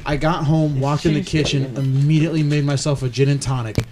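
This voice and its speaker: A man's voice: on the high side, fairly even intonation, fairly quick, a crowd in the background. A young man, a podcast co-host, telling crude stories in casual chat and laughing as he goes. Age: young adult.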